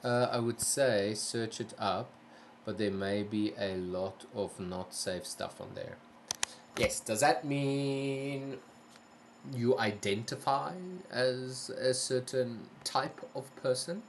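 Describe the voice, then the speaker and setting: A man's voice: mid-range voice, takes it slowly, a little hiss or hum. A man hosting a live game stream, chatting casually with viewers and asking polite, careful questions while sounding tired. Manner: easygoing, careful and polite, asks many questions. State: tired, yawning. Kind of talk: casual live-stream chat, reading chat aloud.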